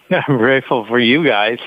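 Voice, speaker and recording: A man calls into a live show and talks in halting, stumbling phrases, his mouth still numb from the dentist. His voice sits at a middle pitch. It comes through a dull, muffled call line that has no room sound at all. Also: no echo. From California. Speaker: caller.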